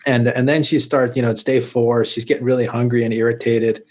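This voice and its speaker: A man in a podcast interview, explaining patiently and at length. His voice sits in a middle register. He keeps the explanation lively with humorous tales. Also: medium pitch, fairly quick. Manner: explanatory, tells joking stories. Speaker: urologist guest.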